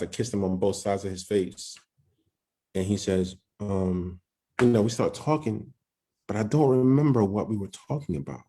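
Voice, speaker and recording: Man, very low voice, mellow tone, casual halting storytelling. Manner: loose, halting, with many restarts and street slang. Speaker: podcast guest.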